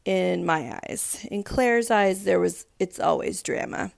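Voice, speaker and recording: A woman's voice: on the low side, big pitch swings, slow pace, vocal fry, no echo, clean studio sound. A woman podcast host with a congested, stuffed-up voice, casually recapping a TV show with rambling, sarcastic asides.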